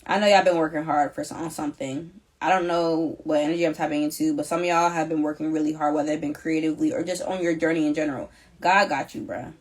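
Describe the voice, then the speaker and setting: A woman's voice: sits low, steady tone, quick pace. A young woman doing a live collective tarot reading, talking in an emphatic, slangy, repetitive and emotional way. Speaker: tarot reader.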